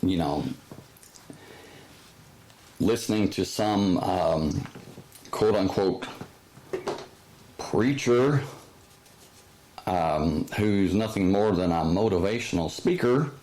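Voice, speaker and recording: A man hosting a casual religious commentary, rambling with many fillers and sudden high-pitched exclamations. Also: slow, pauses often, a little mellow, slight background noise, low-quality recording. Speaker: host.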